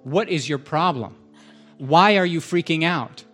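A man delivers a sermon in a church hall, talking to the congregation like a friend and joking with them as he goes. His voice sits a bit high for a man. Soft instrumental music plays faintly underneath. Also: a little slow. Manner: conversational, animated, joking with the congregation. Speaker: pastor.

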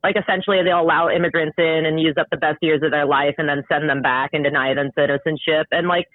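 A man's voice: a little high, steady tone, fast, no echo. A man co-hosting a casual chat, hesitant and full of filler words, heard over a tinny line. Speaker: podcast co-host.

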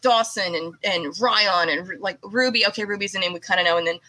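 A middle-aged American woman with a Californian accent hosts a relaxed interview. She talks in a chatty, animated way, stacking up quick asides. Her voice is bright and clear. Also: mid-range voice, low-quality recording. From United States. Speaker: podcast host. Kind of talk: casual interview chat.

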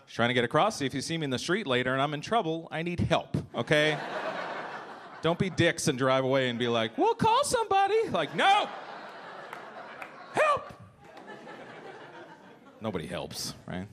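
A man in his thirties performing a stand-up comedy set, animated and jumping into shouted voices for jokes. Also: mid-range voice, fairly quick, slight background noise. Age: 30s. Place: comedy club stage.

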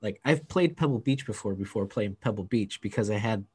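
A man's voice: fairly low pitch, lively intonation, brisk, darkish tone, slightly rough. A man in his thirties, co-hosting a casual podcast chat and telling stories in a laid-back way with plenty of fillers. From Mexico. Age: 30s. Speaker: podcast co-host.

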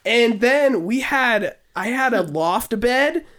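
A man co-hosting a podcast, telling a childhood story in casual chat, animated and profane, often breaking into laughter. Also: very high voice, takes it slowly. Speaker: podcast co-host.

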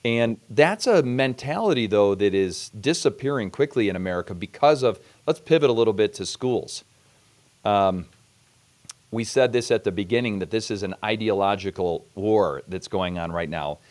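A man hosting an interview, measured and reflective, steering the talk with questions. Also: fairly low pitch, lively intonation, a little mellow. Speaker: podcast host. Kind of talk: conversational interview.

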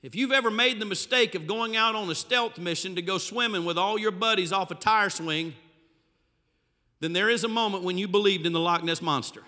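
A pastor delivers his sermon with animated, dramatic storytelling, his high voice carrying a bright, forceful edge. His words ring through a large church hall with a long, trailing reverb. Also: fairly quick.

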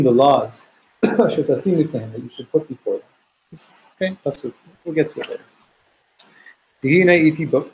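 A man leading a text study class. He translates Hebrew and Aramaic phrases line by line and slows down to quote verses. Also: a little high, darkish tone, a little hiss or hum, rough recording. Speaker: teacher.

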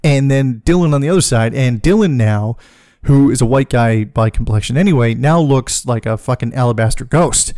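Profane, animated man telling a story. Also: medium pitch, moderate pace, no room sound, clean studio sound. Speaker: podcast host. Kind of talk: comic personal storytelling.

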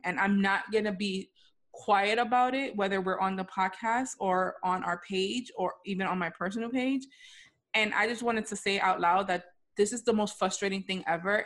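A young adult woman talks on her podcast in a frank, emphatic way, swearing without a second thought. Her voice sits at a middling pitch, and the delivery stays loose and conversational. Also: a bit bright. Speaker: podcast co-host. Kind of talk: casual podcast chat.

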